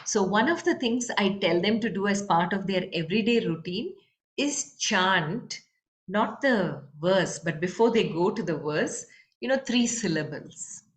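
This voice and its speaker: A woman, a leadership and voice coach explaining breathing and chanting in a calm, instructive way during an interview. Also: mid-range voice, a little slow. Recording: roomy with faint background noise.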